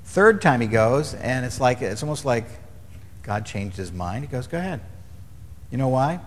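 A man teaching from the Bible in a relaxed, wry way, reading verses and retelling stories. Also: mid-range voice, moderate pace, in a large hall, a little hiss or hum. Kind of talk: casual teaching chat.

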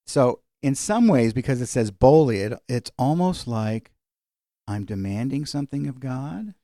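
A man teaching a sermon in a conversational way, slowing down when he quotes scripture. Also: mid-range voice, big pitch swings, mellow, dry recording, clean studio sound. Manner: conversational, varies pace for emphasis, slows on scripture. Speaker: pastor.

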